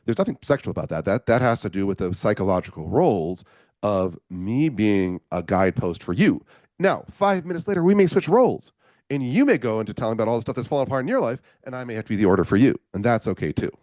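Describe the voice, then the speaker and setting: A man's voice: fairly low pitch, fast, no room sound, studio quality. A man, a men's coach, telling personal stories as a podcast guest, acting out what people said. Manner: animated storyteller, acts out quotes. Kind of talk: storytelling interview.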